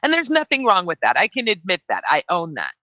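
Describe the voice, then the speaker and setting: A woman mediating on a live stream group call, talking calmly and patiently as she coaxes a friend. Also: fairly low pitch, a little fast, no room sound, poor audio. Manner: calm, patient, coaxing.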